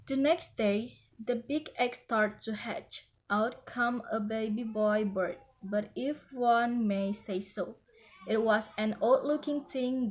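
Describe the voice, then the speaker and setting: A woman reads a children's story aloud at a slow, careful pace. Her voice is somewhat high and gentle.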